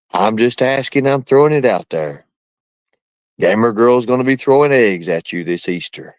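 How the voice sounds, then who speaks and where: A man's voice: medium pitch, lively intonation, normal speed, no echo. A man livestreaming, talking to his viewers in a rambling, mocking, folksy way. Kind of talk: casual livestream rant.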